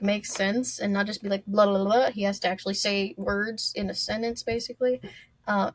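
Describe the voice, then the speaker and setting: A young adult woman hosting a solo podcast, talking casually and rambling with lots of fillers and small laughs. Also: mid-range voice. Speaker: podcast host.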